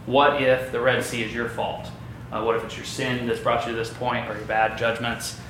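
A man's voice: medium pitch, little pitch movement, normal speed, a bit bright. Man teaching a Bible study, echoey room. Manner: thoughtful, with frequent fillers and restarts. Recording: echoey room with light noise.

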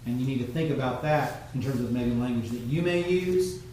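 A man preaching a sermon in a measured teaching tone, pausing often with fillers. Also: medium pitch, dark tone, a little hiss or hum. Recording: very echoey room, mic far off.

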